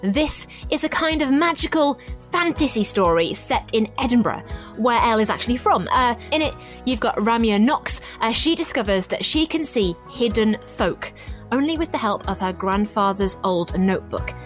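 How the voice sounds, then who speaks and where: A woman's voice: fairly high pitch, expressive, moderate pace, faint music behind. A woman hosting a show, chatting enthusiastically with fillers and asides. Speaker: radio show host. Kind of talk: casual presenting.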